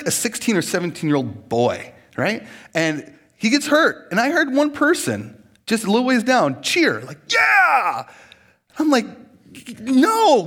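A man's voice: high voice, a bit bright. A man in his forties from Minnesota, preaching a humorous sermon, joking and acting out little scenes as he goes.

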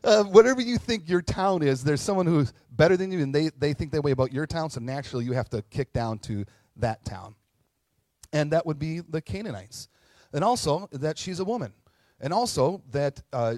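A man's voice: on the high side, a little mellow, no echo. A man in his forties giving a casual, conversational sermon as a pastor, acting out quotes and adding frequent asides. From Minnesota.

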